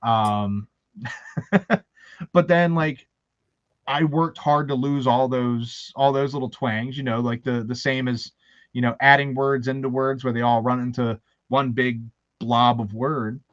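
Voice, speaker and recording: A man's voice: mid-range voice, fairly even intonation, slow, no echo, highs cut off. A man from Baltimore, with a faint Baltimore accent, hosting a casual chat. He tells rambling, anecdotal stories and laughs often. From Baltimore, USA. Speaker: host.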